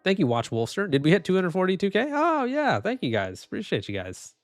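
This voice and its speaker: A man's voice: sits high, big pitch swings, a little fast, no echo, faint music behind. A young man streaming live, making casual commentary as he reads posts and keeps laughing and saying "dude". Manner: laughing, mocking, says dude a lot.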